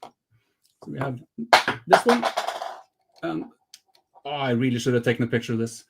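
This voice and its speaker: A man co-hosting a casual chat about his week, talking with lots of pauses and fillers. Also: mid-range voice, gravelly, very noisy. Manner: hesitant, many fillers. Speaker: co-host. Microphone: headset.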